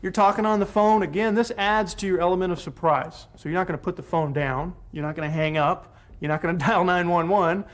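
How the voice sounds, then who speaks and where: A man's voice: high-pitched, brisk, few pauses. A man teaching self-defense techniques to a class, giving short commands and encouragement as students practice. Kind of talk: hands-on class instruction.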